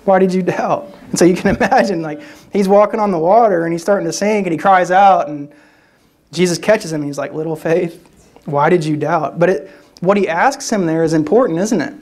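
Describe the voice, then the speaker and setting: A man's voice: high voice, brisk, darkish tone. Man preaching in a conversational style. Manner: conversational preaching with frequent "right?" tags and restarts. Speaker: guest speaker. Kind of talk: sermon.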